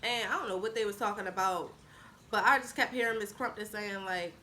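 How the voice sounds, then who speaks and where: A woman in her twenties telling a casual storytime vlog, chatty and animated, acting out what people said. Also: mid-range voice, brisk, a little hiss or hum. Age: 20s. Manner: chatty, animated retelling with acted-out quotes. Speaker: vlogger.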